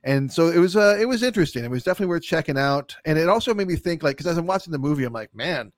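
A man's voice: fairly high pitch, lively intonation, very fast, dry recording, clean studio sound. A man co-hosting a podcast, chatting casually about movies in a rambling, profane way with frequent laughs. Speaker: podcast co-host.

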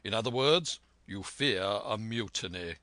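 A man voicing a calm, shrewd doctor with a dry wit who speaks in an urbane, composed manner in a storybook reading. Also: fairly low pitch, a little slow, no room sound.

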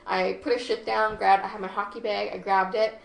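A woman's voice: mid-range voice, a little fast, vocal fry. Woman guest just spilling a story, says like constantly, swears, roomy echo. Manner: animated, heavy use of "like", swearing freely. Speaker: podcast guest. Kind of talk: casual storytelling chat. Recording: echoey room with faint noise.

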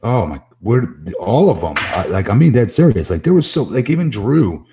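A man on a wrestling podcast panel, talking in an emphatic, animated way and often repeating words. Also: fairly low pitch, moderate pace, background noise. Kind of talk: casual opinionated chat.

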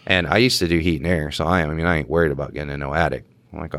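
Male podcast cohost, very low voice, dry close mic, relaxed storyteller. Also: racing, creaky, few pauses, dry recording. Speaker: podcast co-host, police officer. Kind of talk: casual storytelling.

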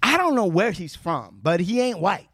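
A man's voice: high voice, normal speed, slightly rough, dry recording, clean studio sound. A man hosting a podcast, telling stories in casual chat, joking and swearing as he goes. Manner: animated, profane, joking storyteller. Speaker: podcast host.

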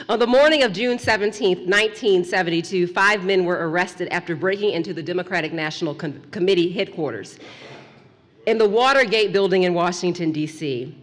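A woman with a bright, sharp voice tells a story to an audience in a lively, playful way, sinking to a near hush for the tense bits. Her voice rings out in a large hall with a long reverb. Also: on the low side. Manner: animated, playful, drops to a hush for suspense. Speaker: speaker telling a story to an audience.

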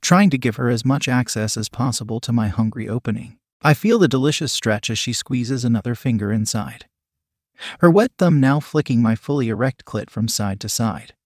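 A man reading a first-person story aloud in a steady, even manner. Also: medium pitch, normal speed, husky, no echo, studio quality. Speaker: audiobook narrator.

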